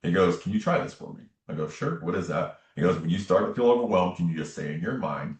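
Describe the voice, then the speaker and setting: A man's voice: deep voice, lively intonation, fast, hardly any pauses. A man, a spiritual medium guest, telling his story in an earnest, emphatic way with repeated phrases. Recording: roomy echo, distant from the mic.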